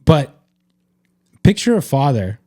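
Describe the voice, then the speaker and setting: A man's voice: mid-range voice, big pitch swings, slow, warm tone, dry recording, studio quality. A man hosting a casual faith-based podcast chat, talking in an earnest, reflective way and leaning on lots of "like" fillers. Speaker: podcast host.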